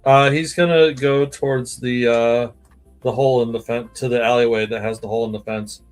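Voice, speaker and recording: A man playing a tabletop role-playing game over a voice call. He talks haltingly, restarting sentences and filling them with uhs. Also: mid-range voice, fairly even intonation, soft background music. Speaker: player.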